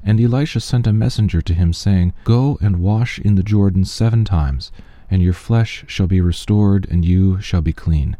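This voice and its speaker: A man giving a steady, measured reading of scripture, with quoted speech only lightly voiced. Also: low voice, no echo. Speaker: scripture reader.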